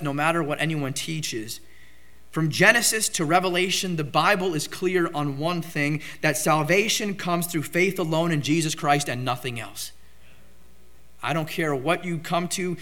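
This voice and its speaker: A man preaching a sermon with emphatic delivery, surging into loud outbursts on key points. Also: on the high side, normal speed. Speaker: pastor.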